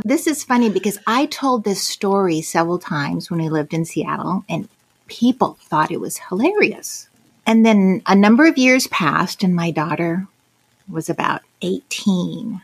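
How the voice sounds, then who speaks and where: A woman's voice: lowish voice, gravelly, slightly rough. A middle-aged woman telling a personal anecdote as a guest, acting out the quoted lines expressively. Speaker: guest storyteller.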